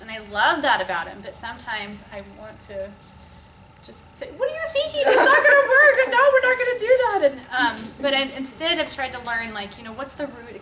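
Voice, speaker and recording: A woman in her thirties chatting casually in a faith-based talk, animated and quick to laugh while telling stories. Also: medium pitch. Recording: echoey room with background noise.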